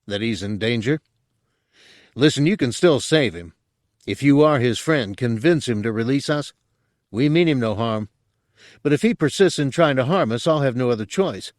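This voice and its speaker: A man voicing a calm, earnest young Jedi who speaks steadily. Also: mid-range voice, normal speed, no room sound, clean studio sound, natural voice.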